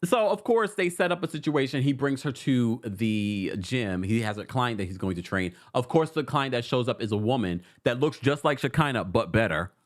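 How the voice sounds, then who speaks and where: Man, casual gossip host, sassy, animated, lively swooping pitch. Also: moderate pace, few pauses. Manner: animated, sassy, laughing often. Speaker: pop culture commentator.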